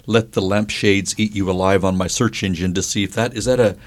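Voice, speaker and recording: A man co-hosting a casual chat who talks haltingly, with many restarts. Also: sits low, steady tone. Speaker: podcast co-host.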